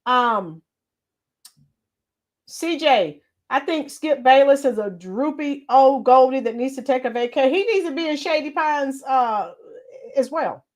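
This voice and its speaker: A high-pitched middle-aged woman hosts a casual live stream and talks straight to her chat. She calls viewers by name and says what she thinks in a blunt, opinionated way. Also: lively intonation, unhurried.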